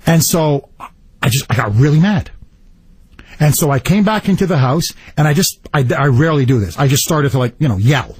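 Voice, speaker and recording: Animated, husky male radio host. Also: a little high, a little fast, no room sound. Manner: animated storytelling, acts out quotes. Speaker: radio talk show host. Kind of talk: talk radio monologue and call-in.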